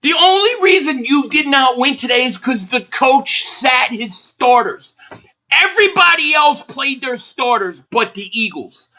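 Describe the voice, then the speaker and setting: A furious man hosts a live reaction stream, swearing bluntly and circling back to the same complaint as he reads out viewer messages. His pitch swings widely from line to line, and his tone is bright and forceful. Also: expressive, a little slow. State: angry. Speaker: live stream host reacting to a football game.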